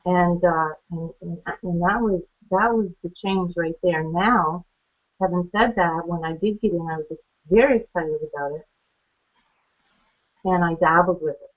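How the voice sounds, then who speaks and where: Speaking a little slowly in a lowish voice, a guest on a training call recounts her own experiences over phone-line audio. She keeps it chatty, laughs a lot, and performs the dialogue she's recalling.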